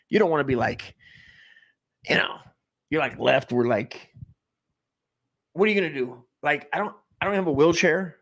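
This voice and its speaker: A man's voice: mid-range voice, moderate pace, pauses often, fairly bright tone, no echo, clean studio sound. A man in his forties doing a crude, rambling comedic monologue, trailing off and restarting as he goes. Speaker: comedy podcast host.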